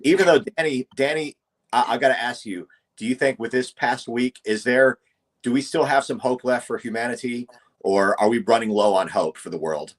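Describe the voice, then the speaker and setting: A man's voice: mid-range voice, normal speed. Easygoing Southern US man co-host. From Tennessee, US. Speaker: podcast co-host. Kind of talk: casual podcast chat.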